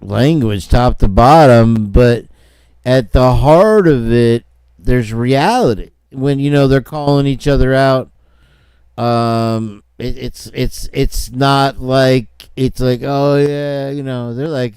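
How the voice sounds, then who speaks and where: A man's voice: medium pitch, slow, a little mellow, clear, resonant tone, no echo, studio quality. A man hosting a casual commentary show, rambling with sarcastic asides and chuckles. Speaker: host.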